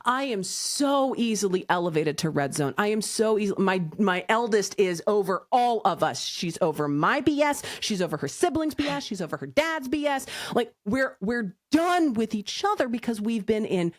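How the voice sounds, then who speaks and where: A woman in her thirties co-hosting a casual podcast, telling parenting stories with lively acted-out moments. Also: mid-range voice, moderate pace, hardly any pauses, no room sound, clean studio sound. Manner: animated storytelling, acts out her own yelling. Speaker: podcast co-host. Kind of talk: casual chat.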